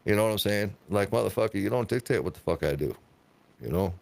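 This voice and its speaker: A man's voice: lowish voice, lively intonation, fast, vocal fry. A man hosting a casual podcast, telling stories in a profane, emphatic way. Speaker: podcast host.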